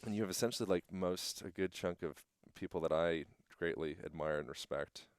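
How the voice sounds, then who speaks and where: A man's voice: low voice, a little fast, clean tone, no room sound, clean studio sound. A man hosting a podcast outdoors, musing and thinking aloud in a casual, rambling way. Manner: musing, rambling, uses fillers like "like". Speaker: podcast host. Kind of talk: casual reflective conversation.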